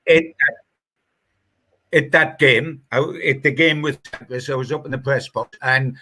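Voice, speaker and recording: An older man, a football journalist, chatting casually in a measured way and repeating phrases for emphasis. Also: medium pitch, fairly even intonation, bright, forceful tone. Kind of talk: casual chat.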